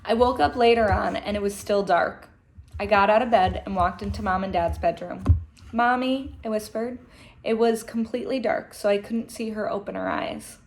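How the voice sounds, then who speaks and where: A teacher reading a children's novel aloud to her class, gentle and expressive, with emotional asides. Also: mid-range voice, moderate pace, a little hiss or hum.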